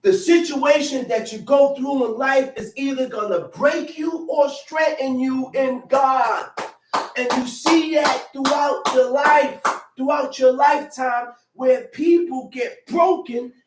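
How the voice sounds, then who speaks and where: A woman preaches with emphatic, repetitive call-and-response phrasing. Her voice sits on the high side. She is picked up from far off in a roomy, echoey space. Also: takes it slowly, noisy background. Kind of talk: sermon.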